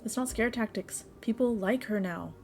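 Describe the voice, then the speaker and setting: Woman doing a wary miner talking a friend down, calm and hesitant. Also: a little high, moderate pace, natural voice. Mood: cautious. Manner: hesitant, reasonable. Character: cautious adult male miner.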